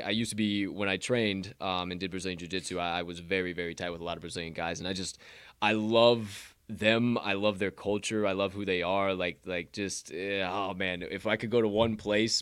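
Man, low voice, casual podcast host, swears a lot, rambling, dry sound. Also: a bit bright, smooth, no echo. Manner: profane, rambling storyteller. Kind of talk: casual sports betting chat.

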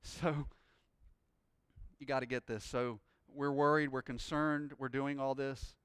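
A man preaching a sermon, telling a personal story and rising into loud, joyful praise. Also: mid-range voice, flat delivery, unhurried, clean tone, no echo, clean studio sound. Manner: exuberant, shouting praise. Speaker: pastor.

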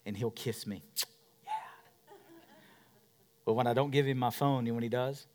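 A male pastor delivering a sermon, swinging from shouting to a hush and calling for responses from the congregation. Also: mid-range voice, steady tone, moderate pace.

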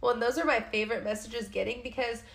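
A woman's voice: a little high, steady tone, fast, gravelly, echoey room. A young adult woman co-hosting a podcast, chatting casually and emphatically, swearing freely, with sarcastic asides. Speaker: podcast co-host. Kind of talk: casual chat.

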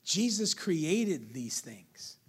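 A man's voice: a little high, very animated, drawn-out words, breathy edge. A man preaching a sermon as pastor, conversational and playful, calling out to the congregation.

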